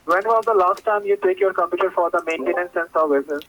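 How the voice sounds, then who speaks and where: Guy on a tinny phone line doing a pushy tech support script, high bright voice, broken english. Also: a little fast, slight background noise. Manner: insistent, broken English phrasing. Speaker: fake tech support caller. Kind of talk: scripted sales pitch over the phone.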